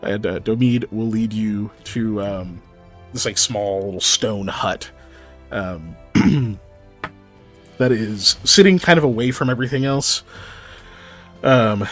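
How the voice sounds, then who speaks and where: A man narrating as game master for a tabletop game, halting with many ums and likes. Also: lowish voice, a bit bright. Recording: faint background music.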